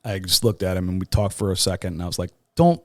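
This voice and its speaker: A man and sports talk show host, giving a raw, emotional personal testimony as a podcast guest. He talks in a halting way, with many restarts and fillers, and his voice jumps much higher when he quotes others. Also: flat delivery, fairly bright tone, no echo, studio quality.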